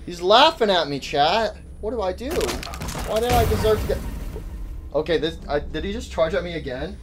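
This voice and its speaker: An excitable man talks his chat through a game in casual slang, his pitch leaping all over the place. He yelps and shouts whenever something startles him, with faint music playing under his voice. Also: moderate pace. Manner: chatty, joking slang. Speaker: gaming YouTuber. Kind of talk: casual gameplay commentary to chat.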